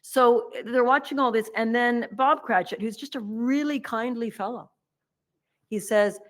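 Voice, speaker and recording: A woman meditation teacher giving a humorous dharma talk, retelling a story in a chatty, animated way and playfully acting out its characters. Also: fairly high pitch, measured pace.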